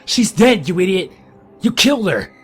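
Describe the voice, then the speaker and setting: A man voicing a grieving, furious old man in his seventies, shouting bitter accusations. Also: fairly high pitch, fast talker, slightly rough, voice pushed up.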